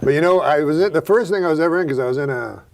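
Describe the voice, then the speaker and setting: A middle-aged man hosting a talk show, telling rambling, profane anecdotes in a deadpan way. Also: on the high side, racing, creaky. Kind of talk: casual chat and anecdotes.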